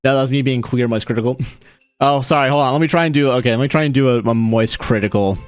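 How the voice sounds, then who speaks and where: A man's voice: medium pitch, fast, clear, resonant tone, no room sound, faint music behind. A young man from Florida, chatting casually and rambling while he streams a game, swearing freely and laughing often. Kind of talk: casual livestream chat while gaming.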